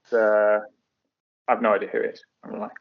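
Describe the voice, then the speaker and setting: A man's voice: lowish voice, level tone, fast talker, gravelly, highs cut off. A middle-aged man chatting as a podcast guest, sardonic and jokey as he tells stories. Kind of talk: casual chat.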